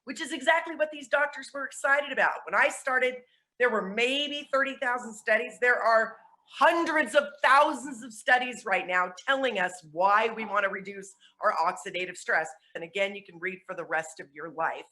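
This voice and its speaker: A woman speaking from home on a video call, giving an energetic, chatty network-marketing presentation while sweaty and flustered. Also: on the high side, moderate pace. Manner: energetic and chatty, laughing at herself. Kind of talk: motivational online presentation. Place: at home with dogs.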